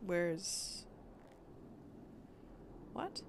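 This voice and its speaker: A woman with a low, gravelly voice talks slowly and unhurriedly in character during a game roleplay. She rambles with fillers and swears freely while venting her frustration. Faint crickets chirp behind her. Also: big pitch swings, a little hiss or hum. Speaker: roleplay streamer.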